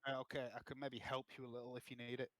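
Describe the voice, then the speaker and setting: A man's voice: medium pitch, completely flat delivery, rapid-fire, a bit bright, dry recording. A man joking around at a tabletop game, chatty and sweary. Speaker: player and fellow game master. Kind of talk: casual banter at the gaming table.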